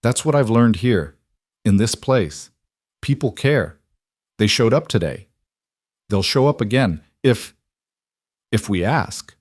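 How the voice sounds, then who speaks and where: A man voicing a shy, raspy young husband. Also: lowish voice, lively intonation, darkish tone, dry recording, clean studio sound. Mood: resolute. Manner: halting, repeats words. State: hoarse. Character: shy, hoarse young husband, now resolute.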